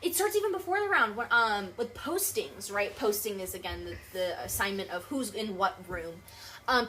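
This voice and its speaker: Animated young woman guest, emphatic. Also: medium pitch, slight background noise. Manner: animated, emphatic, many fillers. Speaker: guest, accessibility advocate. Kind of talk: casual interview talk.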